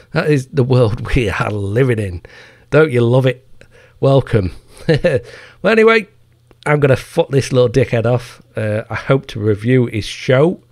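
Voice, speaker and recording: A man's voice: medium pitch, darkish tone, no echo, clean studio sound. A man hosting his own podcast, delivering a heated, profane rant with mocking asides. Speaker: podcast host. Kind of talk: casual solo podcast rant.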